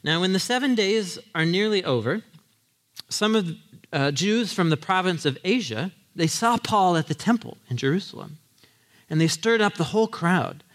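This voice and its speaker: Guy preaching, kinda high voice, acts out the crowd yelling, chatty asides. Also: moderate pace. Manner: animated storytelling, acting out quotes with big pitch jumps; asides with audience, laughing. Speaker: pastor. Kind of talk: sermon.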